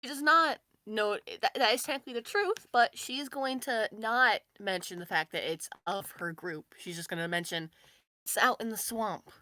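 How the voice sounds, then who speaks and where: A woman describes her character's moves in a tabletop game. She rambles and hedges with constant fillers. Her voice is bright, and the sound is dry. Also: mid-range voice, moderate pace, few pauses, no room sound. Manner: rambling, many "like" and "kinda". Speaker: player.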